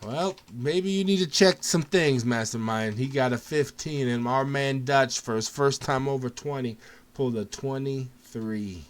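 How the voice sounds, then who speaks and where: A man hosting a casual live game show, calling results in an excited, jokey way and laughing often. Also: medium pitch, measured pace. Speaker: host.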